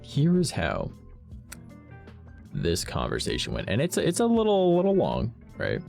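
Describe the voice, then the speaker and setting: A man's voice: huge pitch swings, unhurried, gravelly, a little mellow, soft background music. A man, a streamer telling a story to his chat in a blunt, profane, ranting way. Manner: blunt, profane, ranting with big swings in pitch.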